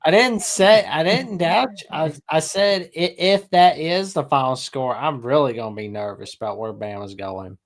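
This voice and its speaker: A man's voice: on the high side, normal speed, hardly any pauses. A man in casual sports talk who speaks bluntly and plainly as he gives his picks. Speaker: co-host.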